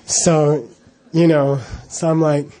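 Laughing, animated man telling a story. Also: on the high side, slow pace. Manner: animated, laughing often, acting out dialogue. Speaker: storyteller recalling monastery life. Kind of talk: casual anecdote.

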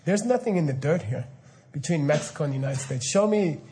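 Male spiritual teacher, slightly high voice, lively informal lecture, laughs through his points. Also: brisk. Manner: animated, laughing, mock-incredulous asides.

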